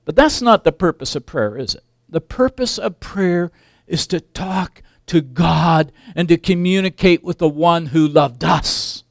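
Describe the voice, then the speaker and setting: Older male preacher, emphatic then hushed. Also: on the high side, expressive, measured pace, creaky, no echo, clean studio sound. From English background. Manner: swings from loud emphatic peaks to quiet asides. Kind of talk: sermon.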